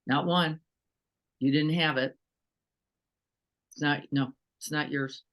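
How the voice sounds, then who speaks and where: A woman's voice: low-pitched, slow. A woman meditation teacher giving a casual dharma talk, full of rhetorical questions and acted-out quotes. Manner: animated, asks rhetorical questions, acts out quotes.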